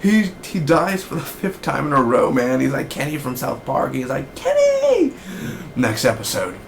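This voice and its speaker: A man hosts a casual TV review in a loose, rambling way, and his excitement spills into each point. His voice sits at an ordinary middle pitch. A faint hiss runs under the recording. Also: a little fast, vocal fry. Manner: rambling, excitable, acts out characters in bursts. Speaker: TV show reviewer.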